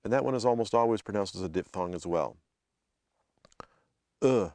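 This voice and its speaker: A man teaching English vowel sounds, reading example words aloud one by one with deliberate, careful enunciation. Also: on the low side, dry recording. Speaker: language instructor. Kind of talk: instructional reading of word lists.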